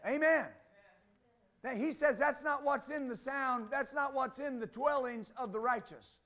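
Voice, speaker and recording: Male pastor with a strikingly high voice, preaching exuberantly, bursts of laughter, loud and soft in turn. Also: unhurried. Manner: exuberant preaching, swinging between loud declarations and quiet asides; laughs between points. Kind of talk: sermon.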